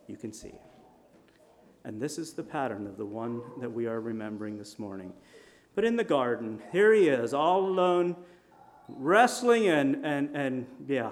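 A man preaching a sermon in a conversational storytelling manner, with lively shifts in volume. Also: mid-range voice, a little hiss or hum. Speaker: pastor.

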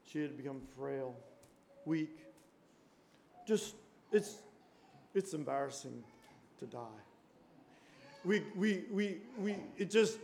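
A man preaching a fervent sermon, reading scripture and swinging from quiet murmurs to shouted praise. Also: fairly high pitch, gravelly, slight background noise. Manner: reads scripture in King James wording.

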